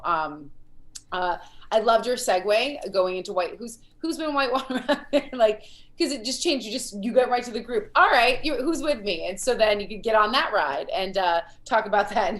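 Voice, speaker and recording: A woman in her thirties hosting over a video call, giving a comic rambling, encouraging feedback. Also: lowish voice. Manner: warm praise, rambling with fillers and restarts.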